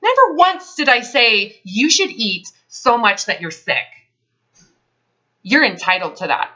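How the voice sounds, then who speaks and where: Blunt, animated woman counselor, bright voice. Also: a little high, unhurried. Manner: blunt, profane, emphatic. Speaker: health advisor. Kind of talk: confrontational counseling session. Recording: dull lo-fi recording.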